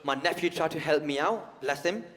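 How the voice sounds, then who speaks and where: A man's voice: fairly high pitch, moderate pace, a bit bright, slight background noise. A stand-up comedian, a man, talking conversationally and teasing the audience on a large theatre stage. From United Kingdom. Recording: long hall reverb.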